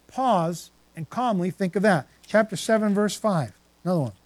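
Man, preacher, sermon, high voice, scripture reading with reflective pauses, dry close recording. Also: expressive, no echo. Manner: reads scripture aloud, then pauses to reflect.

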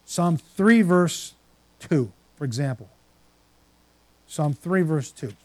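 Man, preacher, sermon, high voice, scripture reading with reflective pauses, dry close recording. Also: expressive, a little mellow, no echo. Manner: reads scripture aloud, then pauses to reflect.

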